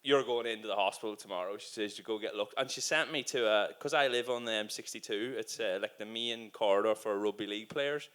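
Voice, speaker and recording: A man who is a motorcycle racer telling a profane, animated anecdote on stage at a live podcast event. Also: lowish voice, a little fast, hardly any pauses, clean tone. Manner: animated, profane storytelling with frequent laughs.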